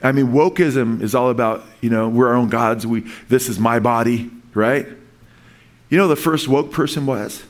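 A man's voice: mid-range voice, moderate pace. A man preaching a sermon in an earnest, rambling way, with frequent restarts and asides to his listeners. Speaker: pastor.

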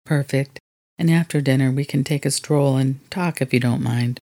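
A man's voice: mid-range voice, steady tone, moderate pace, dark tone, voice pushed down, close to an everyday voice. Woman reading as a rugged young man, hesitant. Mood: content.

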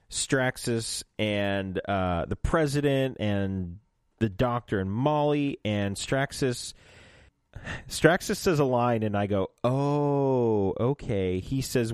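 A man co-hosting a casual podcast, recapping a show with lively asides and goofy voices for the characters. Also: mid-range voice, smooth, dry recording, clean studio sound. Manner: animated, slips into goofy voices when retelling scenes. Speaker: podcast co-host. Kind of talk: casual chat recapping an episode.

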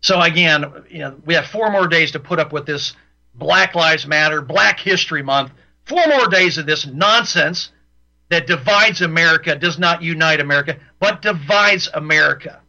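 A man's voice: fairly high pitch, normal speed, creaky, pushed and bright, dull audio. A man hosting a talk radio show, ranting in an opinionated monologue and repeating his points for emphasis.

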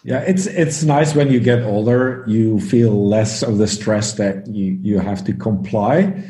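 A man's voice: lowish voice, a little slow, warm tone, echoey room. A man from Belgium, a guest on a casual panel chat, telling stories with lots of fillers and frequent laughs. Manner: storytelling, laughs often, many fillers.

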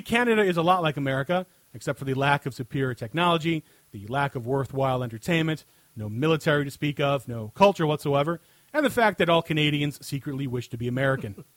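A man's voice: a little high, expressive, quick pace, a bit bright, no room sound. A man hosting a podcast, reading long comic answers to listener questions in a mocking, over-the-top way and chuckling at his own jokes into a desk microphone. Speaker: podcast host.

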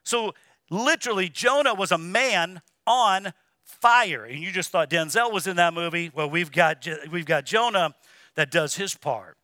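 A man preaching a sermon as pastor, animated and dramatic, acting out quoted prayers. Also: high voice, measured pace, no room sound, clean studio sound. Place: church.

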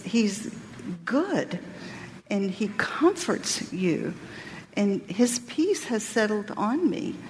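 Woman, Bible teacher, earnest testimony, halting delivery, faint background hiss, echoing hall. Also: medium pitch. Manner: earnest, reflective, halting with restarts. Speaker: women's workshop teacher. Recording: reverberant hall with faint noise.

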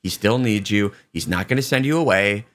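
A man, a priest, preaching a casual, animated homily and acting out the lines of the people in the story. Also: lowish voice. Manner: casual, animated retelling with quick voiced asides.

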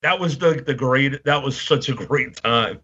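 A man's voice: mid-range voice, unhurried, pushed and bright, breathy edge, lo-fi sound. A man in his fifties from Baltimore, telling long rambling stories in casual podcast chat. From Baltimore, Maryland. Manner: rambling anecdotes, acts out quoted voices.

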